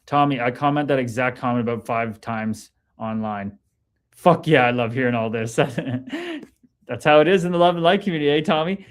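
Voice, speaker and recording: A man hosts a casual livestream and reads out chat comments. He talks in a loose, excitable way, swears freely and keeps hyping up his viewers. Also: mid-range voice, normal speed. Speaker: livestream host reading chat.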